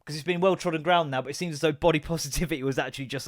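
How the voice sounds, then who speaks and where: A man's voice: fairly high pitch, rapid-fire, no room sound, clean studio sound. A man, hosting a casual podcast and rambling, swearing and mocking himself as he talks. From England. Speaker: podcast host. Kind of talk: casual solo podcast rant.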